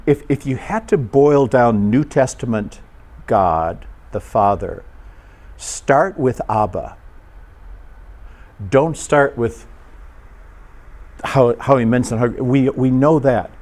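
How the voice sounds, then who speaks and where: A man's voice: mid-range voice, expressive, slow pace, long pauses, a little mellow. A man preaching an informal sermon to a live audience, asking them questions and acting out short quoted voices. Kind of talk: conversational sermon.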